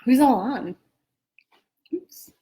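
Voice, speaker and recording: A woman's voice: high-pitched, expressive, extremely slow, dark tone. A woman who is a spiritual teacher, chatting casually and self-deprecatingly with viewers on a livestream from home.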